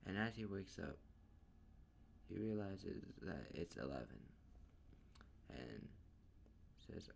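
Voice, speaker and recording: A man casually narrating a fan story in a rambling, drawn-out way. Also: low-pitched, big pitch swings, creaky, a little hiss or hum.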